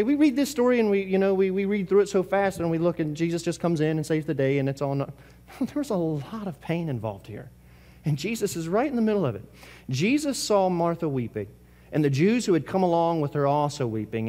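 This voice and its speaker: A male pastor preaching a sermon with passion, repeating phrases and swinging from loud bursts to hushed lines. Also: fairly high pitch, big-room sound. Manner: impassioned preaching with repetition and sudden swings between loud and hushed. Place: church service.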